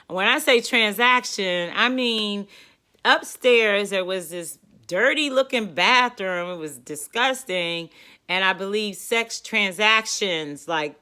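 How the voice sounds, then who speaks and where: A woman's voice: medium pitch, clear, resonant tone. Exasperated woman telling a story. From Washington DC area. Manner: animated, exasperated, conversational. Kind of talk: casual storytime monologue.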